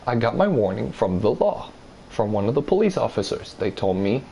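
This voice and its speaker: Low-voiced man ranting through a story. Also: moderate pace, vocal fry, a little hiss or hum, low-quality recording. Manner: rambling, profane, animated retelling; acts out others' lines in a higher voice. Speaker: vlogger telling a story. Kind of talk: casual storytime.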